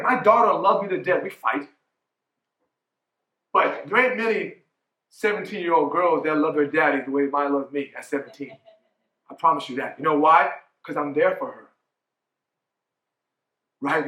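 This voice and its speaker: A man's voice: a little high, normal speed, long pauses, sharp tone, echoey room. A man in his forties giving a motivational keynote talk as a coach, emphatic, often asking "right?". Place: conference hall.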